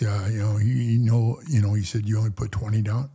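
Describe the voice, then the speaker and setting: A middle-aged man telling prison stories as a podcast guest, blunt and profane, often dropping to low mutters as he recounts conversations. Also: fairly even intonation, brisk, few pauses, warm tone, slightly rough. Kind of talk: casual storytelling interview.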